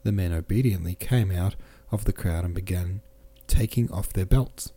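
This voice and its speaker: A man hosting a podcast and reading a classic novel aloud in steady, measured narration. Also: low voice, breathy edge. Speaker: podcast host and reader.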